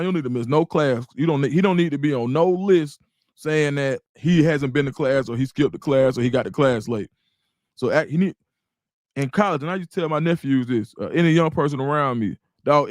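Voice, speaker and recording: Lively Atlanta man chatting on a livestream. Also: fairly high pitch, no echo, clean studio sound. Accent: Atlanta Black Southern English. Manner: animated, repeats words, slangy, reads chat aloud. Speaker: livestream host. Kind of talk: casual livestream chat, reading comments.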